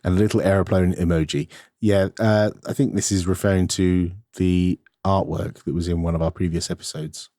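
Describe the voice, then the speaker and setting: A man with a very low voice talks through tech questions on a podcast in an easygoing, matter-of-fact way, filling pauses with ums and uhs. The sound is dry and close. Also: steady tone, warm tone, dry recording. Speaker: podcast co-host. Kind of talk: casual tech podcast chat, reading listener mail.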